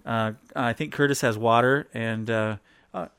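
A man's voice: mid-range voice, fairly even intonation, measured pace, a bit bright, smooth, dry recording. A man hosting a podcast from a living room, chatting casually and joking around. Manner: jokey, chatty, rambling. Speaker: podcast host. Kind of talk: casual chat.

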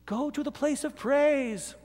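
A man voicing God, calm and weary. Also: extremely high pitch, unhurried, long reverb tail, pitched above the performer's own voice. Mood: exasperated.

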